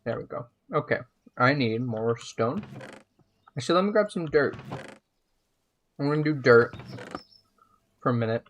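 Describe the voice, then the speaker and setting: A man's voice: mid-range voice, expressive, normal speed, long pauses, a little hiss or hum. A man live-streaming a building game, chatting casually and thinking aloud as he plays.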